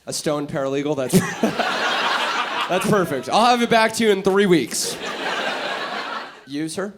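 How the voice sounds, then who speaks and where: A man's voice: high voice, animated, takes it slowly. A man from New York City doing stand-up crowd work on a comedy club stage, brash, profane and teasing the audience. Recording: noisy live club recording.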